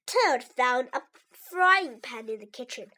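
A woman hosts a children's story show and reads a storybook aloud. Her voice is high and bright, and her reading is clear and cheerful. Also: lively intonation, takes it slowly.

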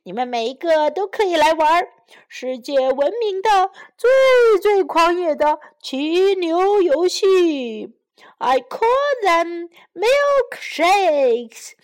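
A bragging cartoon cow, put on by a woman who trumpets each trick like a circus showman. Her voice rides very high and leaps all over the place, yet she takes her time with every word. It is a storybook reading. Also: lively intonation, takes it slowly, full character voice. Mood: showy. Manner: loud, hammy showman announcing her acts. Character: showy, boastful female cartoon cow entertainer.

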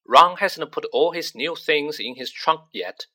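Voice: medium pitch, unhurried, pushed and bright, pitched above the performer's own voice. A reader voicing a pompous teenage boy who speaks in a dignified, long-suffering tone.

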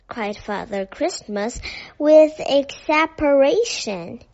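Slow, high-voiced woman storyteller. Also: animated. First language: Chinese. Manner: slow, careful read-aloud. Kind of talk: reading a children's story aloud. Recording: dull lo-fi recording.

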